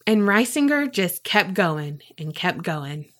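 A woman co-hosting a podcast, telling a story in casual chat, animated and swearing freely. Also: fairly low pitch, slow. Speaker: podcast co-host.

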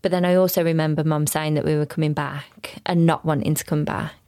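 A woman with a Birmingham accent talks in a low, easygoing voice. The sound is close and dry, with no room around it. She chats with a quick laugh now and then. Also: fairly even intonation, warm tone, clear, resonant tone, dry recording. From Birmingham, England. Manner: chatty, laughs often, mimics voices. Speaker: podcast guest. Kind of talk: casual chat.

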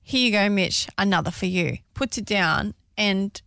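A woman's voice: mid-range voice, moderate pace, vocal fry, a bit bright, no echo, studio quality. A woman co-hosting a radio show, telling a story with dramatic flair. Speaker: radio co-host. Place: radio studio.

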